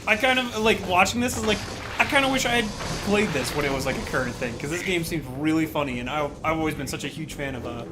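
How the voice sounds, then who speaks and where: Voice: medium pitch, animated, fast talker, background noise. A let's play co-host watching a game, chatty and giggly in casual conversation. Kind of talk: casual gameplay chat. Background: game music.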